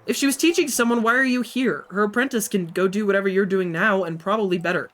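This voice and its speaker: A sulky, evasive young circus performer, as a woman puts her on, brushing off questions with short, prickly retorts. Her voice sits a little higher than an everyday speaking voice, with mildly raised energy. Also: fast talker, a bit bright, close to an everyday voice. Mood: defensive. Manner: curt, dismissive, sulky retorts.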